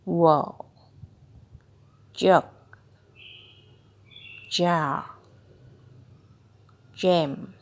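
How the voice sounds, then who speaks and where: Very slow, gravelly woman reading phonics. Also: fairly low pitch, steady tone. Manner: slow, deliberate word-by-word reading. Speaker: reading tutor. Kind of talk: slow phonics read-aloud for a child.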